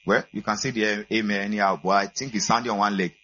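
Man, pastor, sermon, raspy edge, muffled recording. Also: quick pace. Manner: builds from calm welcome to loud, high-pitched preaching. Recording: dull lo-fi church recording.

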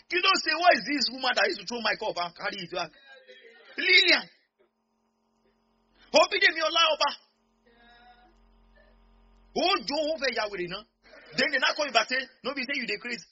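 A man with a Nigerian accent preaching a sermon, swinging from quiet asides to loud shouts. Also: high-pitched, breathy edge, dull audio.

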